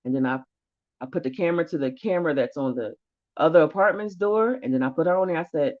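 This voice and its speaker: Woman vlogger, low voice, blunt and profane storytelling; dull lo-fi recording. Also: fast. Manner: profane, blunt, rising anger. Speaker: vlogger telling her eviction story. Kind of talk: heated casual storytelling.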